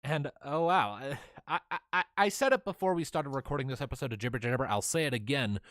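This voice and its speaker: A man hosting a casual podcast, recapping a tabletop game he ran as game master, animated and often laughing. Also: medium pitch, fast talker, dry recording, studio quality. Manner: animated storyteller, laughs often, many fillers.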